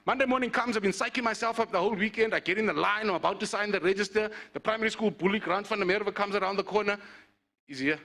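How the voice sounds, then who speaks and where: A man with a South African accent giving a comic, animated motivational speech at an awards event. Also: high voice, racing, hardly any pauses. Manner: animated storytelling.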